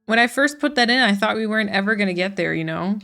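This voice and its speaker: A woman's voice: mid-range voice, lively intonation, fast talker, gravelly, fairly bright tone. A woman streaming a farming game, chatting casually with her viewers while she plays. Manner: chatty, reads and answers chat while playing. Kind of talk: casual gaming livestream chat.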